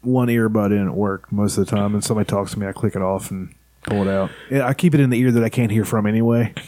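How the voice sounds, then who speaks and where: A man co-hosting a casual chat, relaxed and rambling, swearing casually. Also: fairly low pitch, quick pace.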